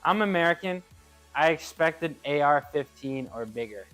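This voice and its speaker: Guy streaming his workout, chatty, bit high voice, laughs a lot, faint music behind. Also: expressive, normal speed, fairly bright tone. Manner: chatty, laughs easily, restarts phrases. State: working out. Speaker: streamer reading chat. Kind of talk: casual live-stream chat.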